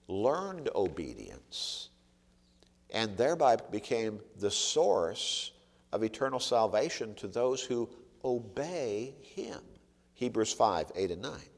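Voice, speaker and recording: A man preaching a sermon with emphatic delivery, rising and falling and slowing on key words. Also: lowish voice, vocal fry, darkish tone. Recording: long reverb of a large hall.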